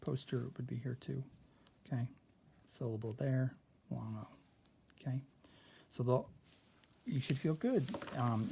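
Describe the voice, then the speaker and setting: A man's voice: fairly low pitch, mellow, slight background noise. A man teaching a spelling lesson, walking through a word sort and checking in often with "okay.".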